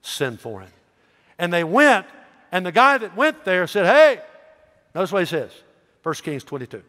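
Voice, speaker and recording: A male pastor preaching a sermon, telling a story with animated voices and calling out questions to the congregation. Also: sits high, brisk. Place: church. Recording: echoey church hall reverb.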